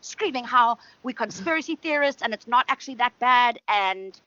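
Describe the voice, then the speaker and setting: Brief: woman guest, bright tense voice, dry close sound, blunt and profane. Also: fairly high pitch, animated, moderate pace, dry recording, highs cut off. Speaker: musician guest. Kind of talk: casual chat.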